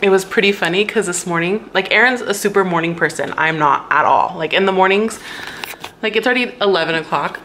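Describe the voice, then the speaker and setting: A woman's voice: lowish voice, brisk, sharp tone. Young woman vlogger, chatty, laughs a lot, faint noise behind. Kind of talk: casual chat.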